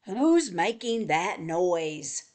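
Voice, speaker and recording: A firm old-fashioned badger who wants his sleep, put on by a woman reading a picture book. He lays down the rules slowly and deliberately. The voice carries a light gravelly texture and swings widely in pitch. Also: big pitch swings, exaggerated voice. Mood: grumpy. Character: stern sleepy male badger, firm peacemaker. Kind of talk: storybook read-aloud.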